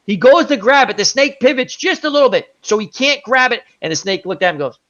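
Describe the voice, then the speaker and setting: A man's voice: very high voice, fairly quick, few pauses. Rambling male chat-show host, muffled. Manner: rambling, animated anecdote with many asides. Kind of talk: casual chat storytelling. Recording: dull lo-fi audio.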